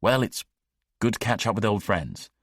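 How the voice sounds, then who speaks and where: A man's voice: fairly low pitch, animated, normal speed, a bit bright, no room sound, clean studio sound, pitched above the performer's own voice. A man voicing an eager, ingratiating young male politician in an audiobook. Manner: overly keen, ingratiating. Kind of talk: audiobook character voice.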